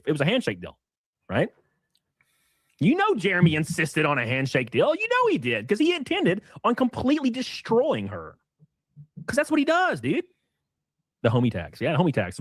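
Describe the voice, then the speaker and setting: High-pitched dude co-hosting, super animated, chatting with the chat. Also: male voice, no echo. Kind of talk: casual commentary stream.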